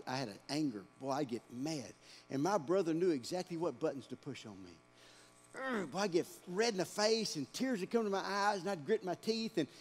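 A male pastor preaching a dramatic sermon in a church, swinging between hushed lines and shouted ones. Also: high-pitched. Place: church sanctuary. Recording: long church-hall reverb.

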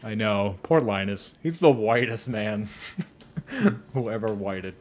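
A man's voice: fairly low pitch, unhurried, darkish tone. A young man hosting a casual reaction chat while gaming, loose and profane, laughing often. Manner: loose, profane, laughs often, slips into exaggerated quoted voices. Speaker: YouTube host reacting to a video while gaming.

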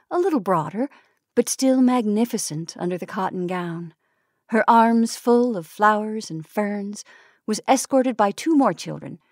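A woman's voice: mid-range voice, no room sound. Woman reading vintage stories, dry close sound. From San Francisco Bay Area. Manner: measured storytelling, light voices for dialogue. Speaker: narrator.

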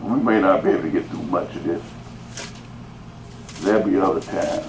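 A deep-voiced male pastor speaks at a normal pace, his sermon full of repeated words and bursts of rising calls to the congregation. There's a roomy echo with faint noise in the background.

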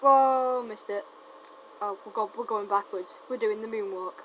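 At a moderate pace, a woman chatters through casual gameplay commentary, playful and excitable, tripping over her own words. Her voice sits at a typical female pitch. A muffled, dull lo-fi recording carries a faint hiss underneath.

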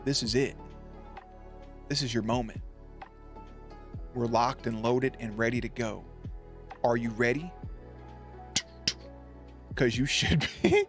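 A man's voice: mid-range voice, slow, pauses often, soft background music. A young man streaming and commentating marble races in a hyped, playful way, swearing freely and calling the action like a sportscaster. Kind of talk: casual livestream commentary.

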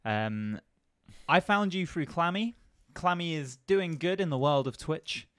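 A man's voice: a little high, animated, measured pace, fairly bright tone, no room sound. A man with a posh British accent co-hosting a live game stream, politely greeting and thanking viewers in chat. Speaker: streamer co-host.

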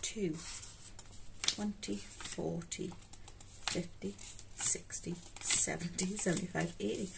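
A self-mocking, chatty budgeting vlogger with a Geordie accent talks to herself while counting cash, in casual chat. Her slightly low voice holds a steady tone at a slow pace. Background noise is audible, clear with rustling notes.

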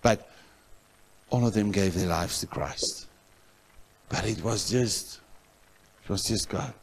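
Preaching in a church, this South African pastor tells a story, swinging from loud outbursts down to quiet asides. He has a lowish, gravelly voice and takes his time.

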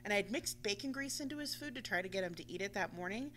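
Bright-voiced woman telling a story. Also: mid-range voice, fast talker, slight background noise. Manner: animated, swears freely, acts out voices in quotes. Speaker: radio show co-host. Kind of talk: casual storytelling chat.

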